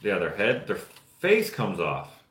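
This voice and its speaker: A man's voice: low-pitched, wildly swooping pitch, measured pace, fairly bright tone. A young man from Canada chatting casually and rambling offhand while painting figures. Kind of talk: casual chat. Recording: roomy echo.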